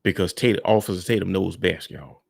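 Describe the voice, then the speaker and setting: A man's voice: sits low, a little fast, gravelly, no echo, clean studio sound. A man hosting a reaction video, talking bluntly and frankly to his viewers in casual commentary.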